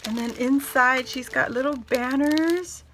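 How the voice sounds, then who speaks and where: A woman hosting a casual crafting vlog, gushing and excitable as she shows off a handmade gift and talks to her viewers. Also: sits high, a little slow, slight background noise. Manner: gushing, excitable, squeals and laughs often; addresses viewers as "guys". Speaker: crafting video host.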